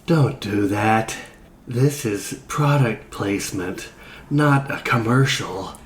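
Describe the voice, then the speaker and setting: A man's voice: lowish voice, slow. A man voicing a wry giant bug who became an internet celebrity, talking dry and blunt. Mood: deadpan. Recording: roomy echo with faint noise.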